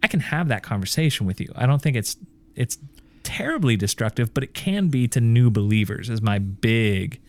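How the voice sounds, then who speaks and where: A man's voice: mid-range voice, lively intonation, moderate pace. A man co-hosting a podcast in casual chat, emphatic and building his points through rhetorical questions. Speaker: podcast co-host.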